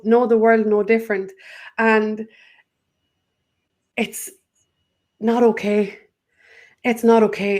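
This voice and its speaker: A woman's voice: a little high, darkish tone. A woman, a guest in a spiritual conversation, talking in an earnest, rambling way with many restarts.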